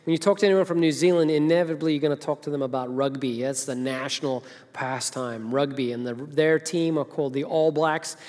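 Pastor in a reverberant hall. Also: male voice, a little high, fairly even intonation, fairly quick, few pauses, a little mellow. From Zimbabwe. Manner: chatty, storytelling, with filler hesitations. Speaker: senior minister. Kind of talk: sermon. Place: large church hall. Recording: long reverb of a large church hall.

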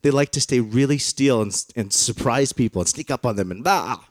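A man voicing a smooth-talking male shop owner who brushes off complaints in a wheedling, dismissive way. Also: medium pitch, brisk, dry recording, clean studio sound, natural voice.

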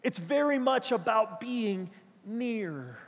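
High, husky-voiced pastor preaching. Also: male voice, big pitch swings, slow pace, big-room sound. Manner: conversational, storytelling, emphatic repetitions. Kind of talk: sermon.

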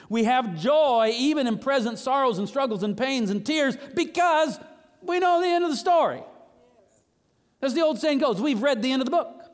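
A man with a notably high voice delivers a sermon with animated, rising emphasis. The long reverb of a church sanctuary trails each line. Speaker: pastor.

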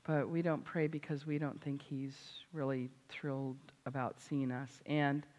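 Older lady preaching, gets loud and punchy, big echoey hall. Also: extremely low pitch, measured pace. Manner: animated, rising to loud emphatic exclamations. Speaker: Christian speaker and author. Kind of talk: sermon. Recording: hall reverb.

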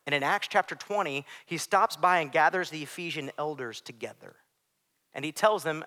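A man preaching with a high, bright, ringing voice that carries through a big reverberant hall. He swings from hushed, almost whispered lines to full-throated shouting. It has the sound of a pastor delivering a live sermon. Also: normal speed.

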